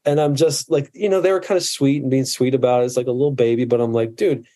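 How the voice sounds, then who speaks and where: A man in his forties speaks in a mellow, darker voice at an ordinary middle pitch. He talks earnestly in a casual podcast chat and often breaks off and restarts his sentences. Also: steady tone, fast talker. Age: 40s.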